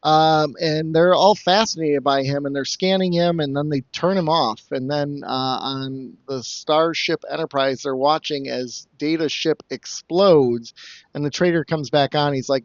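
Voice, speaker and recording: A man with a somewhat high voice, chatting loosely on a podcast and acting out characters in throwaway mock voices. The sound is dull and lo-fi, with a dry, close feel. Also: measured pace, no room sound. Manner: rambling, jokey recaps with mock quoted voices. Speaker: podcast co-host summing up episodes. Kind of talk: casual podcast chat.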